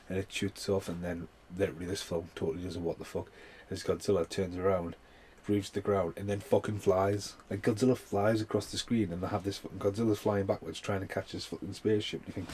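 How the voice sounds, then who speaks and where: This movie reviewer's voice is lowish and a little mellow, with slight hiss or hum in the recording. His casual film review rambles, packed with fillers and frequent swearing.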